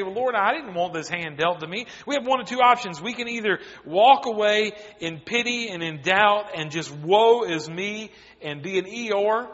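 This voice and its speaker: A man preaching a sermon as pastor, often dropping quiet for emphasis. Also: high voice, in a large hall, lo-fi sound.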